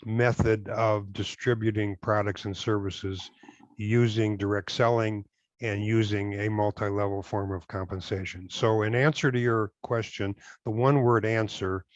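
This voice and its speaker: An older man, a direct selling compliance consultant, giving measured interview answers with frequent fillers and restarts. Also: on the low side, no room sound, muffled recording.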